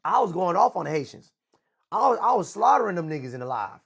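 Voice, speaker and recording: A man's voice: high voice, big pitch swings, fast talker, creaky, breathy edge. Een man die als presentator van een livestream een luide, grof gebekte en opschepperige tirade houdt. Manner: loud, profane, boastful rant. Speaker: host. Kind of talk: livestream talk show.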